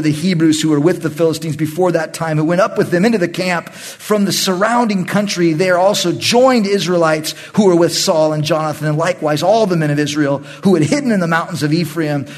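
A man pastor leading a Bible study, animated and acting out the voices of the people in the story. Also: on the high side. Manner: animated, acts out quoted voices. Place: church meeting room.

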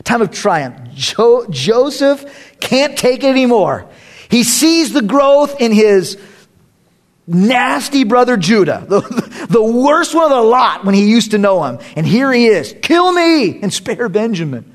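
Lively, joking male preacher. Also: very high voice, measured pace. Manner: humorous, conversational, laughs often. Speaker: pastor. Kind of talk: sermon.

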